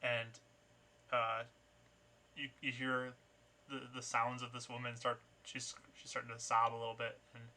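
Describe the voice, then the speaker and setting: Man, game master, bright sharp voice, narrating scenes, restarts often. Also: medium pitch, monotone, measured pace, long pauses. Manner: descriptive, with frequent fillers and restarts.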